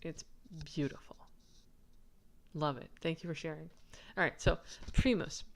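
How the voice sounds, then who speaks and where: A woman with a low, gravelly voice talks slowly through a casual lesson on a manuscript. She is chatty and giggly and rambles with restarts. She stops to answer viewer comments. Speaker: manuscript researcher presenting her findings.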